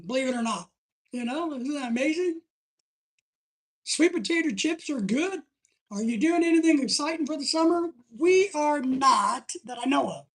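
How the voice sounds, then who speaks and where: A woman's voice: sits high, husky. A woman hosting a live stream in casual chat, rambling and chatty as she reads viewer comments aloud.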